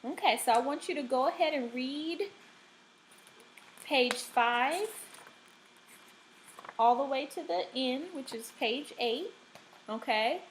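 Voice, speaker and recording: Slow, deliberate woman teacher. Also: high voice, a little hiss or hum, low-quality recording. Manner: slow, deliberate, checks in with frequent "okay?". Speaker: reading teacher. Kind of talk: recorded video lesson.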